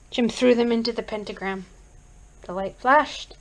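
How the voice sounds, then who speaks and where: A woman reading a horror book aloud in a deliberate manner. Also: on the high side, low-quality recording. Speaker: reader. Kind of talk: audiobook narration.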